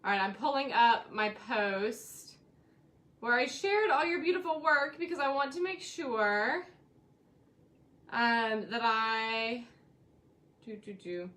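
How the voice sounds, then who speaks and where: A woman's voice: a little high, animated, slow, long pauses, a bit bright. A woman teaching a quilting class, chatting casually on a live stream and cheerfully greeting viewers by name in a sing-song way. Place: home room with balloons behind her.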